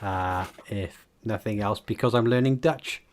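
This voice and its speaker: A man's voice: on the low side, measured pace. A man from Wales hosting a casual group chat, laughing often and rambling through restarts. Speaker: podcast host.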